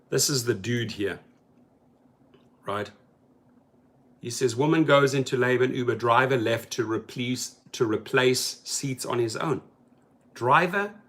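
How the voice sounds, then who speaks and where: A man hosting a rideshare channel, talking casually and animatedly about a news story and acting out the people in it. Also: mid-range voice. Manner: animated, talks to viewers as "bro", acts out quotes.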